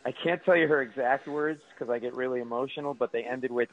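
A man's voice: mid-range voice, quick pace, dull audio. A middle-aged man, a stand-up comedian, telling exaggerated, self-mocking stories as a radio guest. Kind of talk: comic storytelling on radio.

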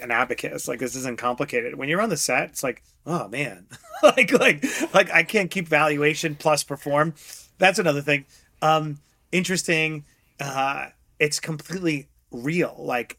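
A middle-aged man, a guest investor, chatting in an interview, telling lively stories and acting out quotes with frequent laughs. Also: mid-range voice. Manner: animated storyteller, acts out quotes, laughs often. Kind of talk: casual interview chat.

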